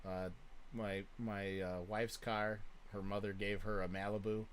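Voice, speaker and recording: A man's voice: lowish voice, flat delivery, unhurried, smooth. Laughing, swearing man. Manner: swears a lot and laughs loudly. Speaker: streamer. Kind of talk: casual chat.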